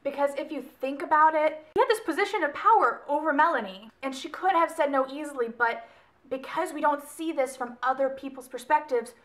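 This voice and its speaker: A woman's voice: high-pitched, brisk, a bit bright. A young woman giving a casual, rambling book review vlog, often stopping to correct herself. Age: young adult. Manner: rambling, self-correcting, chatty. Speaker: book vlogger.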